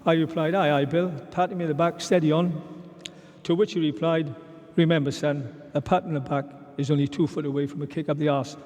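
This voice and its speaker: A man's voice: on the high side, little pitch movement, a little fast, darkish tone, in a large hall. A man giving a memorial speech, fondly telling anecdotes and quoting his old boss. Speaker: memorial speaker. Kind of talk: eulogy anecdotes.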